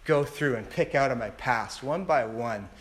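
Speaking at a moderate pace and medium pitch, a man in his thirties tearfully gives his testimony. He rambles, often restarting and leaning on filler words.

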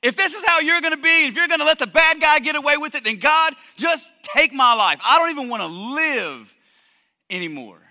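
A man preacher voicing an angry, sulking prophet who complains loudly and near shouts, heard in an echoey hall. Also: very high voice, expressive, quick pace, hardly any pauses, pitched above the performer's own voice, exaggerated voice. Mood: angry, exasperated. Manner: loud, exasperated, near shouting.

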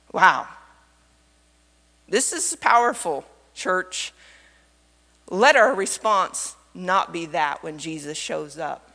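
A woman pastor delivers an expressive sermon, throwing out rhetorical questions to her church. Her voice is bright and forceful. It rings with the long reverb of a church hall. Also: lowish voice. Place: church sanctuary.

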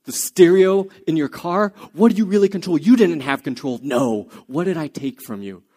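A man's voice: medium pitch, animated, moderate pace, darkish tone, natural voice. A preacher playing an intense older male prisoner scientist who barks taunting questions at his captive. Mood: menacing. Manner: taunting, barking rhetorical questions.

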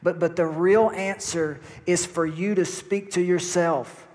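A male pastor preaches an emphatic sermon, repeating phrases to drive his points home. His voice is slightly high, steady, and a little mellow, and he keeps a measured pace. A long reverb from the church sanctuary surrounds his words.

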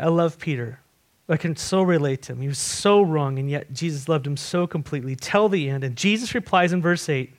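A man preaching a sermon, animated and asking his listeners questions. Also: a little high, brisk. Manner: animated, asks the congregation questions. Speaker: pastor.

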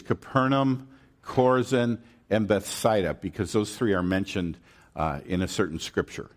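A man preaching a sermon in a conversational, storytelling way, checking in with his listeners and acting out scenes with lively voices. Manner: animated storytelling, acting out the disciples' panic in a high voice.

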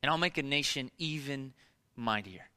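A man voicing God as a stern, exasperated deity, dropping lower and quieter than his preaching voice. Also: lively intonation, moderate pace, clean tone. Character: weary, stern God, a male deity pronouncing judgment.

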